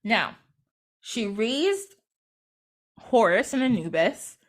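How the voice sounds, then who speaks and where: A woman's voice: a little high, sing-song, slow. Chatty woman telling a story. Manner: chatty, retells events through quoted dialogue. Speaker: podcast host or guest. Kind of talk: casual storytelling.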